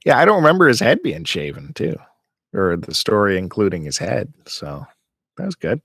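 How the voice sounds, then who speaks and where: A man with a fairly low voice co-hosts a casual podcast chat, recorded dry and close. He talks easily and breaks into animated, exasperated rants. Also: normal speed, husky, no room sound. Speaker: podcast co-host.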